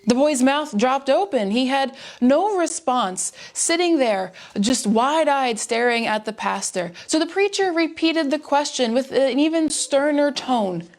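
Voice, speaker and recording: A woman tells jokes in a lively, animated storytelling manner at a church service. Her voice sits high. She builds each setup carefully toward the punchline. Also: measured pace, hardly any pauses. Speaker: joke teller at a church service.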